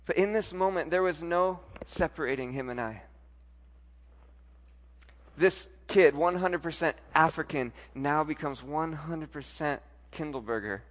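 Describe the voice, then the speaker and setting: A pastor preaching a sermon, telling a personal story, moving from soft, intimate lines to loud, emphatic ones. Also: male voice, fairly high pitch, a little slow.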